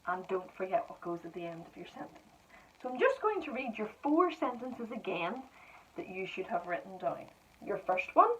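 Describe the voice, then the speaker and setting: A woman's voice: medium pitch, big pitch swings, normal speed. A woman primary school teacher dictating spelling sentences word by word, with encouraging praise. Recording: dull lo-fi sound from a distance.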